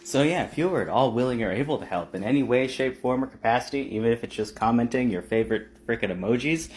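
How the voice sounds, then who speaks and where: Husky, effusive man, casual vlog talk. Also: medium pitch, expressive, fast, hardly any pauses, a little mellow. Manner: effusive, emotional, swears freely. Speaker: artisan vlogger. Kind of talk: casual selfie-video talk.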